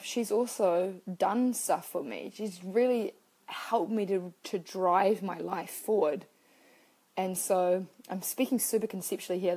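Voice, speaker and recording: A young woman talks openly to her live-stream viewers, greeting them by name as she goes. Her voice is soft and mellow, and her manner is heartfelt and unfiltered, with the odd swear word. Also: mid-range voice. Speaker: live-stream host and personal-growth coach.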